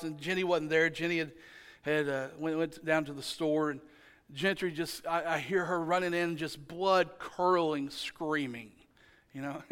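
A pastor, preaching a sermon in a church and telling a family story with humorous asides. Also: male voice, a little high, sharp tone, smooth. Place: church sanctuary.

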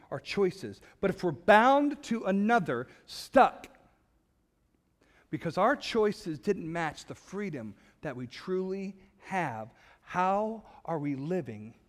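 A man preaching a sermon as a pastor, emphatic, with dramatic pauses. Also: on the high side, big pitch swings, big-room sound.

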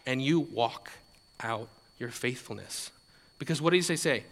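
A man's voice: mid-range voice, animated, moderate pace, fairly bright tone, in a large hall. A male pastor giving a conversational sermon, often repeating words and adding light laughs.

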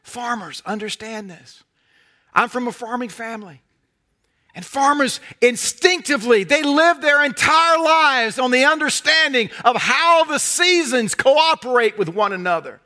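This middle-aged North Carolina man preaches with a Southern American accent, folksy humor, and animated storytelling that sometimes drops to soft intensity. His pitch is extremely high and his delivery a little slow.

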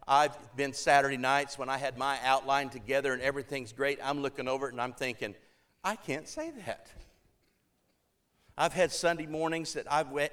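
A man's voice: medium pitch, fairly bright tone. A man preaching a sermon to a church congregation, earnest and emphatic, building to fervent appeals.

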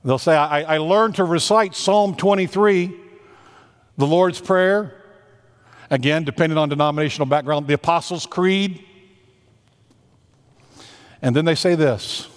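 A man's voice: on the high side, unhurried, pauses often, clear, resonant tone. A man preaching a sermon as a senior pastor, earnest and emphatic, drawing out the words he stresses. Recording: long hall reverb.

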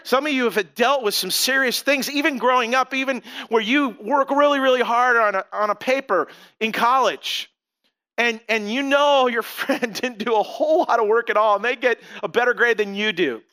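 A man preaching a sermon in a conversational, storytelling way, with animated asides to the congregation. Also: very high-pitched, normal speed, clean tone. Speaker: pastor.

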